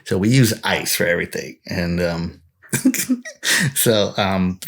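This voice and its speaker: A man's voice: deep voice, slow pace, vocal fry. A man from Texas, a podcast guest, telling stories in a rambling, casual way, full of "you know" and "right" and frequent laughter. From Texas, USA. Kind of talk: casual storytelling chat.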